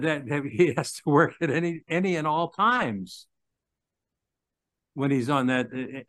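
A man's voice: a little high, a bit bright, no echo. An older male pastor giving a conversational sermon, rambling with restarts and small chuckles.

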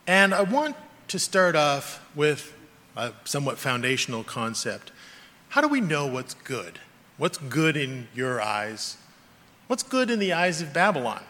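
A man's voice: mid-range voice, bright, forceful tone. A man preaching a sermon as a pastor, earnest and emphatic, with rising and falling stress. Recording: long reverb of a large hall.

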